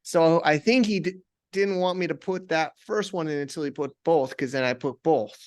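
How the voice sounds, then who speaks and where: Give me a male podcast guest recounting a story in halting, animated bursts. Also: a little high. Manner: halting, many restarts, animated retelling. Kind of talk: conversational storytelling.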